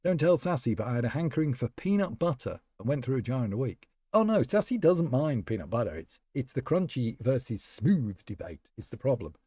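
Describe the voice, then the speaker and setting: Rambling man, lively pitch. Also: fairly quick, few pauses, husky, dry recording, studio quality. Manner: rambling, chatty, talks to chat members by name. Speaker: streamer. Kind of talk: casual live-stream chat while playing.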